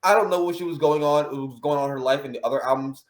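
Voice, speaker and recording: A man's voice: on the high side, racing. A man hosting a casual chat about music picks, playful and self-mocking. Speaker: host. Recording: roomy echo.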